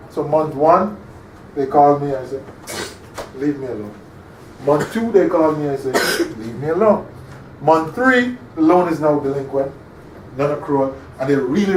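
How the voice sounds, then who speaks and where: A man's voice: on the high side, darkish tone. A male instructor giving an interactive classroom lecture, often quizzing his listeners and checking that they follow. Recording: echoey room, distant mic, faint hum.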